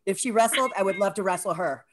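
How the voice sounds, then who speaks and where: A woman's voice: mid-range voice, fast. A woman co-hosting a casual talk show, playful and teasing. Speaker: co-host. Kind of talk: casual chat.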